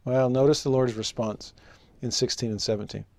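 A man teaching a scripture lesson, telling personal stories with animation and slowing down to read verses solemnly. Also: no room sound. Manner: expressive, rises in pitch for rhetorical questions.

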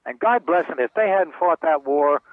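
A man's voice: on the high side, normal speed, no echo. Older man telling stories over a phone line. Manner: animated storyteller acting out quoted voices. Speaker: author and guest. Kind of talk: storytelling interview answers. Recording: tinny phone line, dry.

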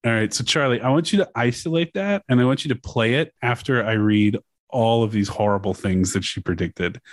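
A young man hosting a podcast, casually chatting and reading news quotes aloud, swearing and pausing with fillers. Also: medium pitch, no room sound. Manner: casual, profane, halting with fillers. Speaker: podcast host.

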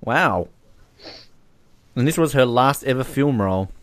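A man co-hosting a casual movie commentary chat, animated and often laughing. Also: medium pitch, unhurried. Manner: giggly, animated, keeps breaking into laughter. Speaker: podcast co-host.

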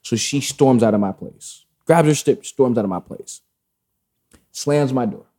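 A man telling a story in casual chat, animated and profane, with loose street slang. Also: mid-range voice, unhurried.

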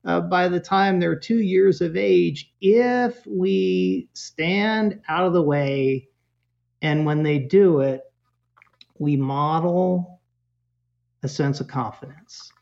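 Male guest expert, chatty, animated storyteller, dull lo-fi podcast sound. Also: fairly high pitch, takes it slowly, vocal fry. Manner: animated storyteller, acts out voices, jokey. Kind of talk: casual interview chat.

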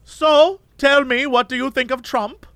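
A man's voice: very high-pitched, fairly even intonation, measured pace, a bit bright, no echo, voice pushed up, full character voice. A man putting on the voice of an insistent male cab driver who lectures about conspiracies. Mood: lecturing.

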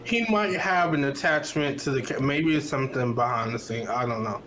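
A man co-hosting a podcast, giving blunt, relaxed opinions in casual chat. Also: mid-range voice, fairly quick, slight background noise, low-quality recording. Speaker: podcast co-host.

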